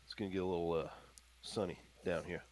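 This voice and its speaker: A man's voice: low voice, steady tone, quick pace, a little mellow, a little hiss or hum. A man joking around as a player in a tabletop game. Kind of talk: casual tabletop play.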